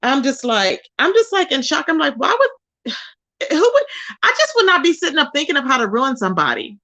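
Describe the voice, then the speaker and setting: A woman's voice: high-pitched, sing-song, quick pace, bright, forceful tone. A woman hosting a casual livestream, talking to her chat. She greets viewers by name, calls them baby, and repeats herself in disbelief to stress a point. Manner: exclaims in disbelief, repeats phrases for emphasis. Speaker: livestream host.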